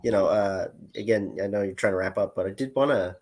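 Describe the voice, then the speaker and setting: Man around thirty, low voice, hesitant, full of fillers, video call chat. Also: a little fast, darkish tone. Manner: hesitant, many fillers and restarts. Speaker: guest caller. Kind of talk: casual chat.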